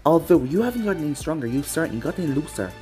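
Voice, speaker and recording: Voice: medium pitch, big pitch swings, racing, mellow, soft background music, close to an everyday voice. A narrator reading a fan-fiction story, voicing a sneering, snake-like male villain ninja with a mocking, taunting manner.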